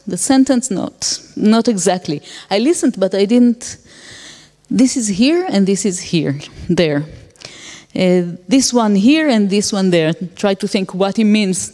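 A woman's voice: medium pitch, warm tone. A woman giving an academic lecture, explaining with acted-out examples and frequent fillers. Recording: long hall reverb.

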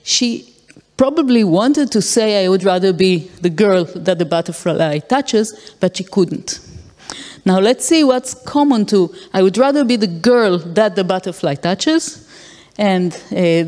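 A woman's voice: mid-range voice, expressive, a little slow, a little mellow. Woman lecturing in a reverberant hall. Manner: explains with acted-out examples and frequent fillers. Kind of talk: academic lecture.

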